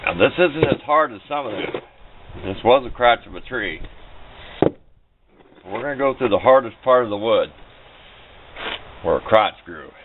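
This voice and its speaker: A man's voice: medium pitch, expressive, normal speed, long pauses. A man casually demonstrating how he sharpens a chain by hand, talking in a folksy, plain-spoken, instructive way. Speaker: DIY video maker. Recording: tinny lo-fi camera audio with faint noise.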